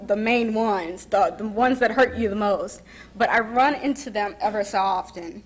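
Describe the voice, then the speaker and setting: A young woman sharing her story at a summit. She speaks softly and with emotion, pausing and starting over as she goes. Her voice sits at an ordinary pitch for a woman. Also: breathy edge. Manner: soft-spoken and emotional, pausing and restarting. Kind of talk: personal testimony speech. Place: summit event.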